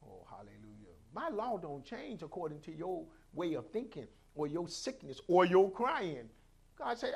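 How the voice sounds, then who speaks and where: High-voiced preaching man. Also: sing-song, normal speed, creaky, a little mellow, breathy edge. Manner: preaching with call-outs, acting out quoted voices. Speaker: pastor. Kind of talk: sermon.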